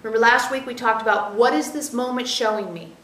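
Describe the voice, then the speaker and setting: High-voiced woman giving a channeled teaching. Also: a bit bright. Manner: measured, explanatory, speaks as "we", checks in with listeners. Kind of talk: channeled spiritual teaching to a group. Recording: roomy echo.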